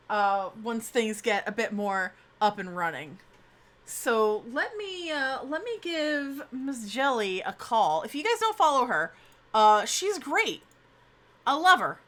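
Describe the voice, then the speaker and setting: A bubbly young woman streamer chatting from home, her voice bright and swooping up and down in pitch. She pokes fun at herself and chatters freely, sitting on the higher side for a woman. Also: big pitch swings, slow. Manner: bubbly, chatty, self-mocking. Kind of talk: casual live-stream chat.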